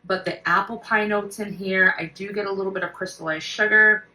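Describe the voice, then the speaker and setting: A woman's voice: mid-range voice, steady tone, brisk, pushed and bright, far from the mic, rough recording. A woman casually reviewing her collection for a vlog, gushing with enthusiasm. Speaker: wax collection vlogger.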